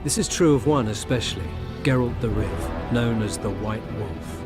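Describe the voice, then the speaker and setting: A man reading grave, measured scripted narration for a fantasy game, with loud music under him. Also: mid-range voice, lightly acted. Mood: solemn.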